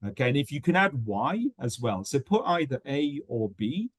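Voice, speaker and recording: A man's voice: medium pitch, sing-song, normal speed, dry recording. A man teaching an online lesson on pronunciation, explaining at length with frequent ums and restarts. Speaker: teacher trainer.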